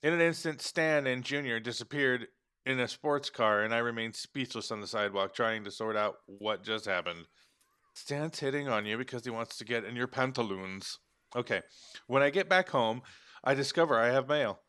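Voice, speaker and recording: A man's voice: medium pitch, normal speed, pushed and bright, smooth. A man playing a story game, reading the text aloud and breaking off for joking asides and self-corrections. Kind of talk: let's play narration with commentary.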